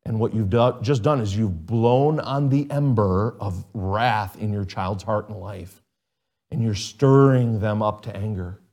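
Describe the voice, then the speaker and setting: A middle-aged man preaching a sermon in an earnest, conversational way, with sudden jumps in pitch and volume. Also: a little slow, a little mellow. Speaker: pastor.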